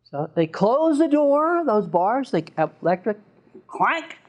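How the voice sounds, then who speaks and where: A man, a therapist, lecturing an audience with an animated, chuckling storytelling manner and sound effects. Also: extremely high pitch, unhurried, highs cut off.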